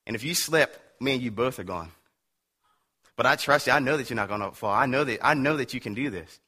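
Brief: man doing a firm, reassuring male foreman, slightly lower and softer, bright timbre. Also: lively intonation, a little fast. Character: steady, encouraging male work foreman.

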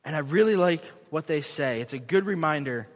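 A young man preaching a sermon in a church, earnest and animated, poking fun at himself. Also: fairly high pitch, brisk. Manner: earnest, animated, self-deprecating. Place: church sanctuary. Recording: long echo of a large hall.

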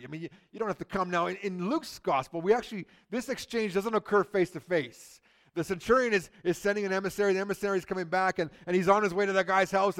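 A man's voice: high-pitched, quick pace, a bit bright. A man preaching in a conversational way, often repeating words and acting out the lines of the story he explains. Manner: acts out quotes from the story. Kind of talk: sermon.

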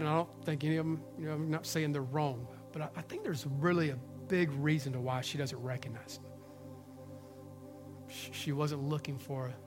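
A pastor preaching to a congregation, his fairly high male voice dropping to a near hush and then climbing loud and emphatic. Faint music plays softly behind him. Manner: impassioned, swings between hushed and loud. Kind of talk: Easter sermon. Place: church hall with congregation.

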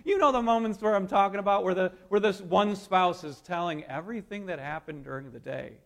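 A man preaching a sermon in a dramatic way, swinging from loud declarations to near-whispers and laughing lightly as he goes. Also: high voice, a little fast, creaky. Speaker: pastor.

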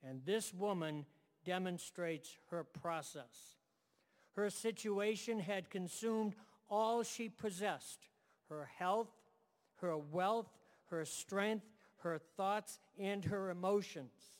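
High-voiced emphatic man preaching. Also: slow, long reverb tail. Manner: emphatic, repeats phrases in building lists. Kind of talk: sermon. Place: church room with live and online audience.

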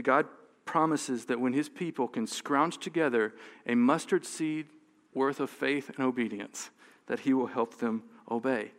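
A man preaching a sermon in a conversational way, often restarting words and laughing lightly. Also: mid-range voice. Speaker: pastor. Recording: long hall reverb.

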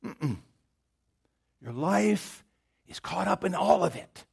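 A man's voice: sits high, animated, slow pace, creaky, slightly rough. A man preaching a sermon in a conversational storytelling manner, addressing the congregation directly.

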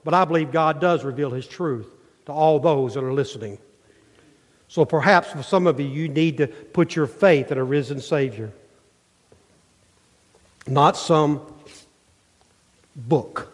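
A male pastor preaching a sermon with emphatic, rhythmic delivery and dramatic pauses. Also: a little high. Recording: long hall reverb.

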